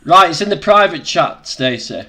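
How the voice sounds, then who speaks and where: Older man, from the UK, casual livestream chat, jokey, slightly high voice. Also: lively intonation, normal speed, sharp tone. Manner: jokey, bursts of laughter. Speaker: co-host.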